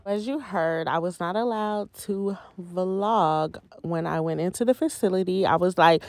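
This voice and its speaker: This is a vlogger in her 20s talking dramatically and casually to camera, calling out to viewers often despite sounding tired. She speaks at a measured pace with few pauses, in a fairly low voice with no room sound. Low-quality phone video with car noise.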